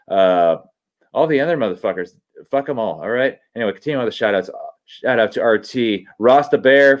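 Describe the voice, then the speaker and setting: A man hosting a livestream, swearing constantly as he rants excitedly and reads out viewer shout-outs. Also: fairly low pitch. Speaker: livestream host. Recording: dull lo-fi stream audio.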